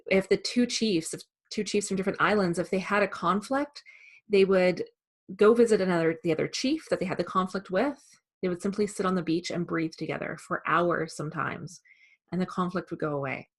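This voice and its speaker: A woman who trains salespeople, giving a calm, measured instructional talk. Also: fairly low pitch. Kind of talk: instructional presentation.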